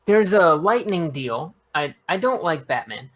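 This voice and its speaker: A man's voice: fairly high pitch, animated, measured pace, crowd noise. A man chatting on a casual gaming podcast, giggling and apologetic, sharing deals and movie talk. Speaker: podcast co-host.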